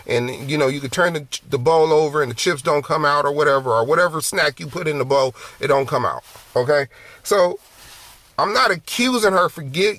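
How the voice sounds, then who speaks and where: A man shares a personal testimony as a form of ministry, speaking in a lively, conversational way and often repeating phrases. His voice sits on the high side, and the recording is dry.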